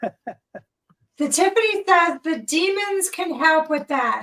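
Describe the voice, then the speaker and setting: A woman's voice: extremely high pitch, animated, unhurried, a bit bright, poor audio. A woman hosting a live stream, reading viewer questions in a bubbly, teasing way. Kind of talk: casual live-stream chat.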